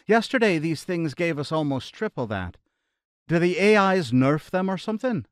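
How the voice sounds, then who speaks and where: A touchy young swordsman with a faint Irish lilt, as a male audiobook narrator puts him on, his voice pitched a little high and quick to huff and complain. He sounds put out and defensive in a close, dry audiobook read. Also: lively intonation, dry recording, lightly acted. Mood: puzzled. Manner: complaining, huffy.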